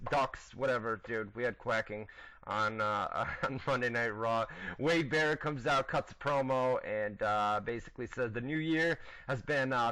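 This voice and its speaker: A man's voice: mid-range voice, bright, forceful tone, no room sound, rough recording. A man hosting a casual internet radio wrestling show on a headset, swearing, laughing and rambling through recaps with lots of fillers. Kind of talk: casual crude banter.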